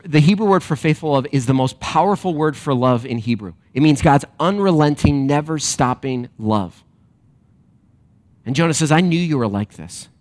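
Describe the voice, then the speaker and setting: A man preaching a sermon to a congregation, animated and emphatic, then dropping to quiet reflective questions. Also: on the high side. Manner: direct address to a congregation with rhetorical questions. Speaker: pastor.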